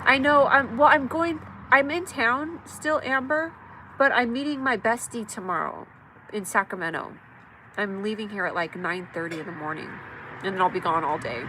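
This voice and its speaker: A woman hosting a casual livestream from her mother's house at night, chatty and rambling, reading the chat aloud with frequent laughs and sudden excited shouts. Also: fairly high pitch, normal speed, noisy background. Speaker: livestream host.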